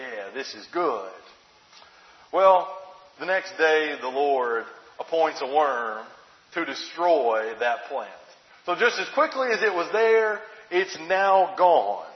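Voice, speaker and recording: Male preacher, high lively voice, conversational sermon, rhetorical questions, echoey hall, muffled sound.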